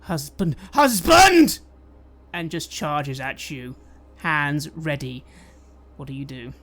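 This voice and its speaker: A woman's voice: a bass voice, fairly even intonation, takes it slowly, pushed and bright. A woman narrating a tabletop game as game master, describing scenes and asking players what they do. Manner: descriptive, occasionally hesitant.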